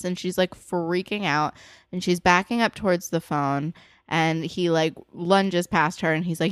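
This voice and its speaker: Lively low-voiced woman recapping a show. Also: normal speed, clean tone, no room sound, studio quality. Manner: expressive, swings between bright emphasis and soft asides; frequent "like" fillers. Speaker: podcast co-host. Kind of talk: casual TV recap chat.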